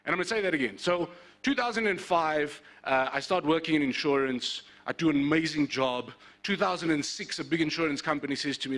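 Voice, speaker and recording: Man, from South Africa, stand-up comedian hosting, joking asides, high bright voice. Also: quick pace. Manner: animated, joking, playful asides. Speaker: event host and comedian.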